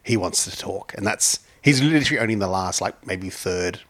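A man's voice: low-pitched, brisk. A man co-hosting a podcast, teasing his partner in casual chat and laughing often. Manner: teasing, lively banter with laughter. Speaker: podcast co-host.

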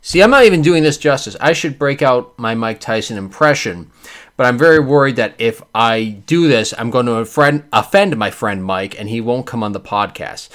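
A man hosting a podcast, giving sarcastic, animated commentary with quick character bits. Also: mid-range voice. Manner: sarcastic, animated, does voices. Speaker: podcast host. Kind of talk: casual commentary.

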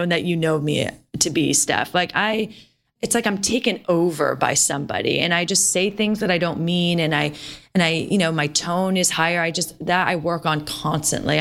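A woman's voice: low voice, creaky. A woman in her thirties co-hosting a parenting podcast in a casual, chatty way, full of "like" and "you know.". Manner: chatty, animated, lots of "like" and "you know" fillers. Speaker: podcast co-host.

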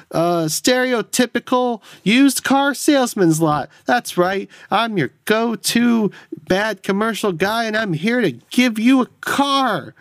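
A man's voice: fairly bright tone, no room sound, studio quality. A man doing a brash cheesy car salesman. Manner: brash cheesy ad-pitch delivery. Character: pushy loud male used car salesman. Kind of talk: mock radio commercial.

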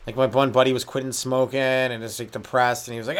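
A man's voice: mid-range voice, steady tone, fast talker. A young man hosting a comedy podcast alone, rambling through crude jokes and laughing at his own lines. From Canada. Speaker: stand-up comedian podcast host. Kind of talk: solo comedic rant.

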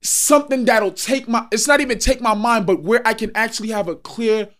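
A man's voice: very high-pitched, brisk, fairly bright tone. A man talking in a casual group chat, preachy and profane, and he keeps repeating "you feel me".

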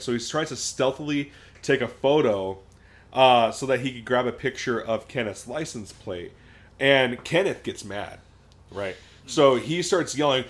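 Animated man telling a story. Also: medium pitch, normal speed. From Southern California. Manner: animated storyteller, acts out quotes in a raised voice. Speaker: podcast co-host. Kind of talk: casual chat, storytelling.

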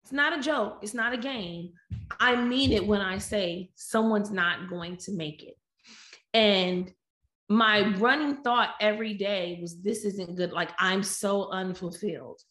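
A woman telling a personal story in a lively, animated way, acting out the quotes. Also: mid-range voice, measured pace. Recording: echoey room.

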